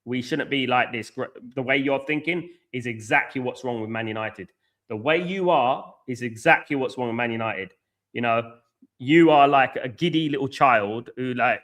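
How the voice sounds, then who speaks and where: Blunt, bright-voiced middle-aged man. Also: medium pitch, a little fast. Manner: blunt, argumentative, reads out and scolds chat viewers. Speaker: host of a live football watchalong stream. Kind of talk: live match reaction and chat banter.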